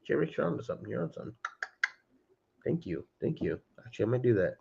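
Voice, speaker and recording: Fast-talking yet pausing often, this man has a medium-pitched, dark, creaky, slightly rough voice with big pitch swings. He hosts a casual home livestream, chatting loosely, naming viewers and saying "dude," in somewhat dull lo-fi audio.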